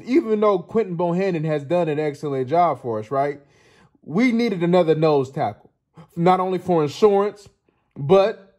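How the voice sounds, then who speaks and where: A man hosting his own channel, giving an excited football film breakdown, laughing often and repeating his points for emphasis. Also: high voice. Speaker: sports channel host.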